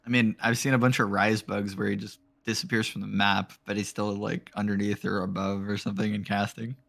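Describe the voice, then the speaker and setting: Bright-voiced man co-casting. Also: fairly low pitch, little pitch movement, fairly quick, gravelly. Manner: joking, tells teasing anecdotes. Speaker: esports co-caster. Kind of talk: casual live-stream banter.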